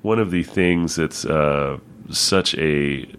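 A man's voice: very deep voice, slow, fairly bright tone, a little hiss or hum. A man in casual conversation about a book, often laughing and speaking hesitantly. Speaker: book discussion co-host.

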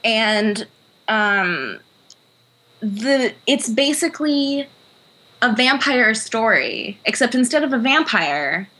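A woman on a podcast panel, chatting in a wry, animated way. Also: fairly high pitch, slow pace, low-quality recording. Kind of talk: casual chat.

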